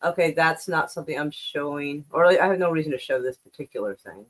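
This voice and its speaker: A woman's voice: deep voice, expressive, brisk. A slightly out-of-breath woman hosting a casual livestream, rambling and swearing as she reads and comments on the news. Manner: rambling and profane, with many restarts.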